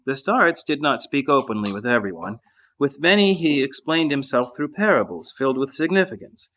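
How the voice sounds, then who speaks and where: A man reading a saint's life aloud in a monastery refectory at mealtime, measured and even, with small slips. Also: medium pitch. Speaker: reader. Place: monastery refectory during a meal.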